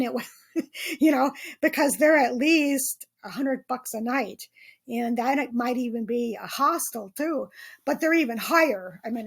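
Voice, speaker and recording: A woman's voice: a little high, creaky. A woman hosting a podcast, talking casually and rambling through her dream notes with many ums and restarts. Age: not 27. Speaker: podcast host. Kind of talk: casual dream-journal monologue.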